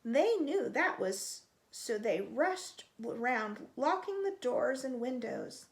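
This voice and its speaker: Woman, storytime reader, high voice, slow and expressive, picture book read-aloud. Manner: expressive, stretching out sound words.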